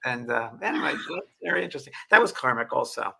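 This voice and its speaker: Fast-talking gravelly older man host. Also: medium pitch. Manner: storytelling, animated, quick. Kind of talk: casual conversation.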